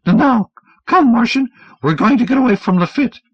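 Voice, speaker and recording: A man's voice: very high voice, expressive, normal speed, breathy edge, no room sound, voice pushed up, full character voice. A man voicing a frantic, stammering man running from gangsters, stuttering on first sounds. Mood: urgent. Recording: dull, dry audiobook recording.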